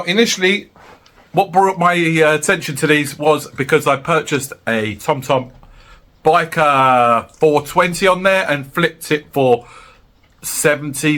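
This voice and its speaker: A man casually chatting to camera about his resales, jokey and upbeat, addressing viewers as guys. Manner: chirpy, jokey, keeps saying "guys", swings high when excited. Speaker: reseller vlogger.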